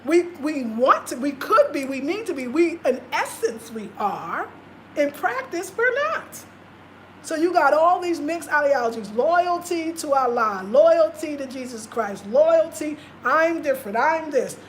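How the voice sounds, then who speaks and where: A woman's voice: sits high, sing-song, unhurried, a little hiss or hum. A woman vlogger talking casually and passionately, repeating her points for emphasis. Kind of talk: casual live-stream talk.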